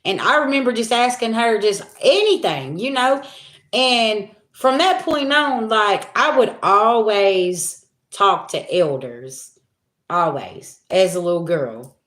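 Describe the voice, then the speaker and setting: A woman's voice: medium pitch, lively intonation, slow, fairly bright tone. Woman doing a spiritual reading livestream, folksy and chatty, keeps saying y'all, echoey room. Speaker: spiritual reader. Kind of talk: casual livestream talk to viewers. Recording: roomy echo.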